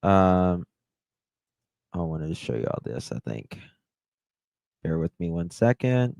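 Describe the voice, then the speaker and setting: A man's voice: low voice, sing-song, creaky, darkish tone, dry recording. A man hosting a live stream, talking with indignant passion and thanking his chat viewers by name. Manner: impassioned and indignant, stretching words slowly. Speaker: livestream host. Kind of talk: emotional live-stream commentary.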